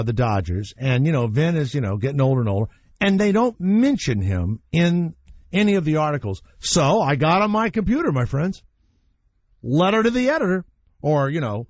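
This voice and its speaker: Animated, opinionated talk radio man. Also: a little high, no room sound, lo-fi sound. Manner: opinionated, animated storytelling with blunt profanity. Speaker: radio talk show host. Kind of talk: casual talk radio chat.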